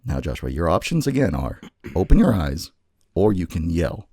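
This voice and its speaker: A man co-hosting a podcast, narrating a choose-your-own-adventure story in a slow, dramatic way. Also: low voice, very animated, dark tone, breathy edge, dry recording, studio quality.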